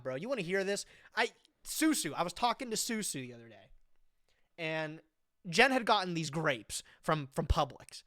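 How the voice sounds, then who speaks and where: Recorded dry and at studio quality, this medium-pitched streamer in their twenties talks casually and excitedly on a live stream. They pile on slang, drop "bro" constantly, and react out loud as they read text from the web.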